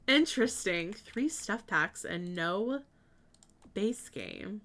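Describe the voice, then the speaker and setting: A woman's voice: mid-range voice, lively intonation, slow, a bit bright. A woman streamer chatting casually while building in a game, thinking aloud and answering her chat.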